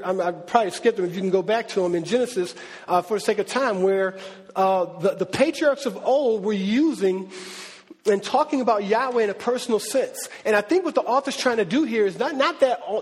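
A man preaching a conversational, animated sermon, acting out quoted voices as he teaches. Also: high voice, husky. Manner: animated, conversational, acts out God's voice. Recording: long hall reverb.

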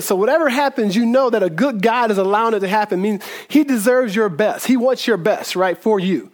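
A man's voice: high-pitched, fairly quick, few pauses. A man preaching a sermon in a conversational way, often repeating words and checking in with "right?". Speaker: pastor.

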